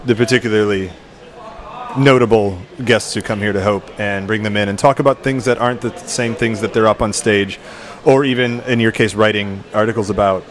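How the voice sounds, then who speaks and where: A man hosting a casual interview, talking in a relaxed, rambling way. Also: on the low side, fairly quick. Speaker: podcast host.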